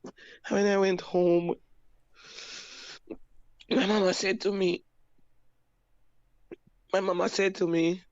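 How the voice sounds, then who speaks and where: A Jamaican woman giving a personal testimony, halting and repeating her words as she recounts. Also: medium pitch, little pitch movement, a little mellow, no room sound, dull audio. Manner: halting, repeats words and restarts, plain broken grammar. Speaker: survivor sharing her story.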